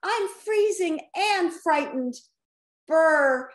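A woman puts on a cheerful little girl from a storybook, high and eager, her voice leaping up and down as she talks. She sounds a little roomy, with some echo around her. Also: animated, slow. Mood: chirpy.

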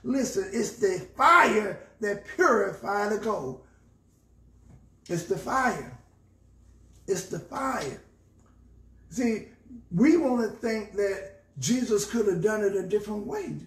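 A man's voice: high-pitched, animated, slow, pauses often, a bit bright, echoey room, far from the mic. A man with a Southern US accent, a pastor teaching a Bible study and preaching, repeating phrases for emphasis. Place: church.

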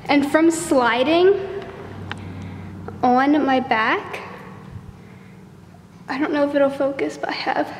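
A woman's voice: high voice, slow, pauses often, slight background noise. A young woman vlogging outdoors in the woods, out of breath and chatting in a rambling way about her dance shoot. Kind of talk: casual vlog chat.

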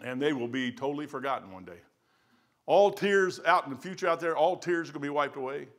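A middle-aged man preaching a sermon as pastor in a church, swinging from quiet musing to loud fervent testimony. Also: a little high, expressive, a little fast. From United States. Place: church sanctuary.

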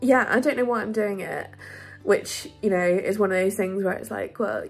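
A woman talks casually to her camera in a husky, slightly breathy voice. She rambles with plenty of fillers and breaks into nervous laughter, sounding close to tears at times. Faint music plays quietly behind her. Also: medium pitch, normal speed. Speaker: vlogger.

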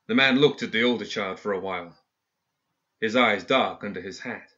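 A male narrator reads a story in a measured, steady audiobook manner. His voice is low but bright and forceful. The recording is dull and lo-fi.

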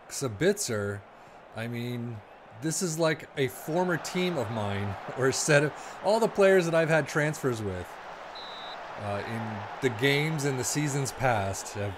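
Excitable young man commenting on gameplay. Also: mid-range voice, background noise. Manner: excitable, swings from mumbling asides to sudden yelps. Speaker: gaming video creator.

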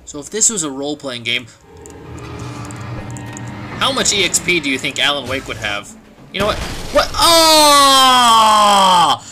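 Lively, joking gamer guy. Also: mid-range voice, moderate pace, pauses often, over music. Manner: joking, animated, breaks into shouts and laughs. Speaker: let's play gamer. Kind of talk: gameplay commentary.

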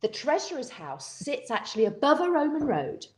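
A woman co-hosting a laid-back chat. Her voice is fairly high and swings widely in pitch as she tells stories with theatrical flair. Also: sing-song, normal speed, darkish tone. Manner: chatty, giggly, theatrical. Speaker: co-host. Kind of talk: casual chat.

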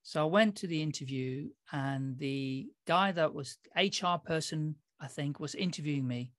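In clean studio sound free of echo, a middle-aged man from the Netherlands hosts a podcast, telling stories chattily and laughing a lot during a casual interview. His fairly bright voice is on the high side, at normal speed.

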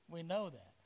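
Animated, high-voiced pastor in an echoey church. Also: male voice. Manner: animated, acts out voices of biblical figures. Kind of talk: sermon. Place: church sanctuary.

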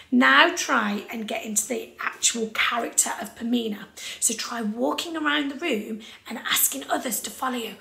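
A woman teaching a children's music lesson, giving clear, patient instructions with a steady rhythm. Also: on the high side, normal speed, roomy sound, rough recording.

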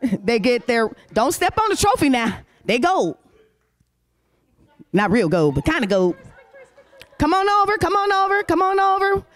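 A woman hosts a youth talent show, her voice sitting high. She is animated and cheering, calling names out loud as she waves each child up to collect an award. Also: a little slow, pauses often. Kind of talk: lively emcee handing out awards. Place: congregation hall.

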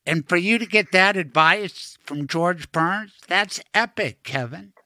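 A man's voice: high-pitched, a little slow, pushed and bright, no room sound, studio quality. A man hosting an interview show, talking in an enthusiastic, exclamatory way. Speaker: podcast host. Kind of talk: casual interview chat.

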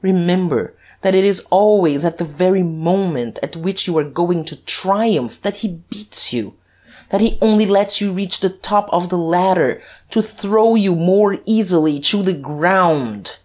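A woman reading the lines of a cold, commanding gentleman thief posing as a duke, jeering and menacing. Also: very animated, measured pace, exaggerated voice. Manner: jeering, menacing, deep and compelling.

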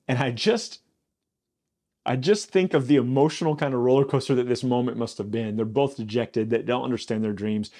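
A pastor leads a Bible study, retelling scripture with jokes and lively storytelling. He builds to loud, exasperated peaks, and his voice stays at an ordinary middle pitch. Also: fairly quick. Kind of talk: Bible study podcast teaching.

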